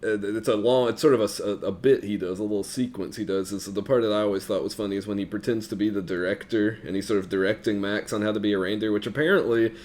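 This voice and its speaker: A man's voice: on the low side, steady tone, quick pace, few pauses, a little mellow. A man co-hosting a casual podcast chat in an easygoing way, chuckling as he talks. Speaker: podcast co-host.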